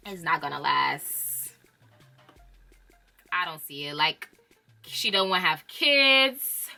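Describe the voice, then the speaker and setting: Bright-voiced young woman dishing gossip. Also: low voice, slow pace, vocal fry, soft background music. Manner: opinionated, animated, laughs often. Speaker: reality TV commentator. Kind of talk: casual gossip recap.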